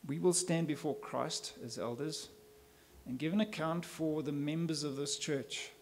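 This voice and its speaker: Male pastor, slightly raised pitch, emphatic church sermon delivery. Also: steady tone, unhurried. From South Africa. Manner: earnest, emphatic preaching with rhetorical questions.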